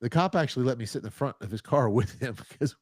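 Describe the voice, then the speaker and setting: A man in his fifties casually telling a rambling, animated anecdote, often chuckling as he goes. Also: mid-range voice, fast talker, dry recording, clean studio sound. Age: 50s. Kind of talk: casual storytelling.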